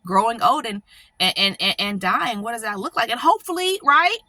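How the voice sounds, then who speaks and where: A woman's voice: medium pitch, moderate pace, bright, forceful tone. A middle-aged woman talking emotionally in a personal vlog, close to tears, rambling and often asking "right?" and "you know". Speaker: channel host.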